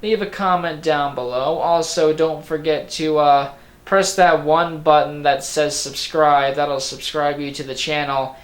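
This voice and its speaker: A man's voice: fairly high pitch, fairly even intonation, unhurried. Man, casual movie review, slipping Boston accent, sarcastic, swears a lot, roomy echo. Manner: rambling, sarcastic, swears freely.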